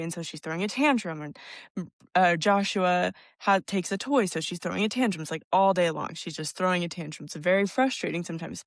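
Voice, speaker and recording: A woman's voice: fairly low pitch, dry recording, clean studio sound. A young woman co-hosting a podcast, telling a long family story in a chatty way and laughing often. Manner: chatty, laughs often, tells stories at length. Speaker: podcast co-host. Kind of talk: casual chat, storytelling.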